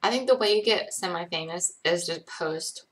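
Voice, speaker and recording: A woman's voice: lowish voice, moderate pace, fairly bright tone. A young woman hosting a casual late-night live Q&A from home, chatty and rambling, often poking fun at herself. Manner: chatty, rambling, self-deprecating. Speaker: livestream host.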